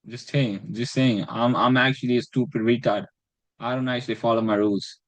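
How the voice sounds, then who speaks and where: A man's voice: mid-range voice, steady tone, brisk, no room sound, poor audio. A man casually talking through his week's trades, rambling and self-deprecating, swearing and restarting his phrases. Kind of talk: casual screen-recorded trading breakdown.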